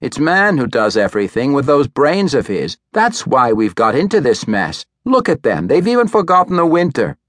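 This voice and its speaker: Guy putting on a cranky old lady, high and scolding, audiobook, dry sound. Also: huge pitch swings, normal speed, few pauses, a bit bright, no echo. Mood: ranting. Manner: scolding, complaining rant. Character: grumbling elderly woman, scornful and preachy.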